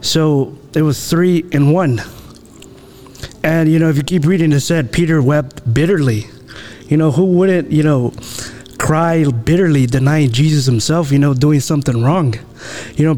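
A man's voice: on the high side, normal speed, darkish tone. A man co-hosting a casual faith discussion, retelling a Bible story and acting out the quoted lines, with frequent "you know".

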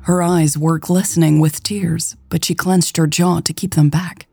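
A woman narrating a romance story in a calm, even storytelling voice. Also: fairly low pitch, a little slow, creaky, husky, dry recording, faint music behind. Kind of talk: scripted audiobook narration.

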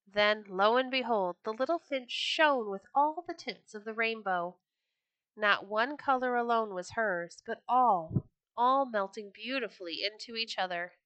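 Bright-voiced woman reading storybooks. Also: on the high side, measured pace, no room sound, dull audio. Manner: expressive, raises her voice for quoted birds.

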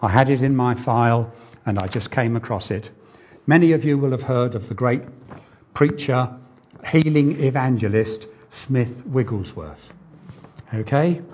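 A man preaching a sermon, slow and earnest, asking the congregation rhetorical questions. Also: medium pitch, darkish tone, breathy edge, muffled recording. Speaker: pastor.

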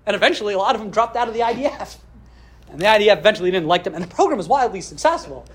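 Husky-voiced woman teaching a heartfelt class. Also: mid-range voice, lively intonation, racing. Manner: earnest, heartfelt, builds with rhetorical questions; mixes in Hebrew religious terms. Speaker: Jewish history teacher. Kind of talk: recorded podcast class.

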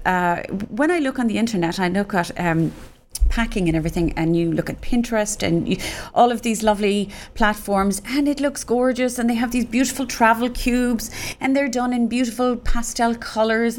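A woman hosting a podcast from a studio, chatting casually and rambling with plenty of fillers. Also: fairly high pitch. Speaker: podcast host. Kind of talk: casual chat.

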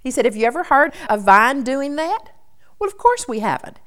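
A woman's voice: high-pitched, big pitch swings, moderate pace, fairly bright tone. A woman preaching a sermon in an earnest, storytelling teaching tone.

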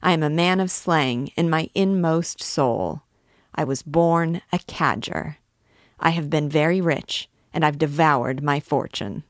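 A woman's voice: low voice, measured pace, no echo, clean studio sound. A woman voicing a brash, boastful young man in armor, speaking with swagger.

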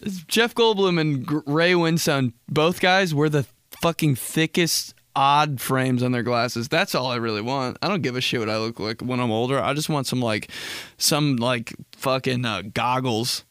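A man's voice: medium pitch, normal speed, fairly bright tone, clear, resonant tone, dry recording. Profane rambling young man, dry close mic. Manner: rambling, profane storytelling with impressions. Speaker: podcast host. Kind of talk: casual solo comedy podcast.

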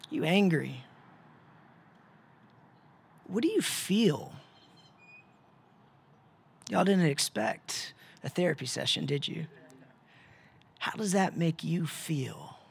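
Brief: male preacher, sermon delivery, unhurried, slightly high voice, rhetorical questions. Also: gravelly, breathy edge. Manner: rhetorical questions, dramatic pauses, dips to a hushed voice.

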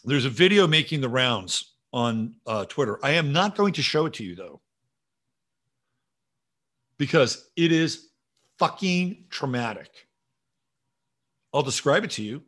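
A male host talks through viewer comments on a live show, wandering from point to point in a loose, conversational ramble. He swears casually and thinks out loud. His voice sits at an ordinary middle pitch for a man. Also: big pitch swings, unhurried, pauses often. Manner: rambling, casual and profane, musing aloud. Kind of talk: livestream talk reading viewer comments.

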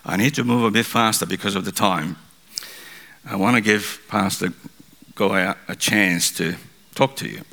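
A male pastor preaching a sermon, telling a story in an animated way. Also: fairly low pitch, normal speed, long pauses.

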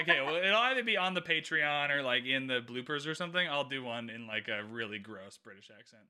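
A man's voice: medium pitch, animated, fairly quick, few pauses, sharp tone, clear, resonant tone. A young man co-hosting a casual book podcast, rambling with lots of fillers and restarts. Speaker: podcast co-host.

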